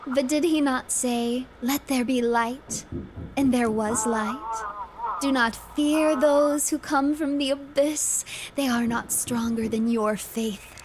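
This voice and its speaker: A solemn radio preacher delivers a slow, measured sermon, read aloud by a woman in her own fairly high voice. A faint background hiss sits under the words. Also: fairly even intonation.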